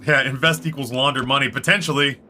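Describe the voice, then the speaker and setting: With a mid-range voice and a fast pace, a Canadian streamer swears his way through rambling, casual stories while gaming, animating the voices he quotes. The recording carries a little hiss or hum and faint music behind.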